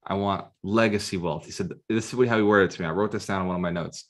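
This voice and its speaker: A man's voice: low-pitched, rapid-fire, a bit bright. A man giving a motivational coaching talk as a real estate mentor, punchy and firing rhetorical questions at his students over a video call.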